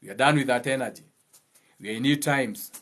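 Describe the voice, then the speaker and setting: A man's voice: mid-range voice, fairly quick, a bit bright. A man hosting his channel, giving a blunt, impassioned monologue full of profanity and repeated phrases for emphasis. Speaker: channel host.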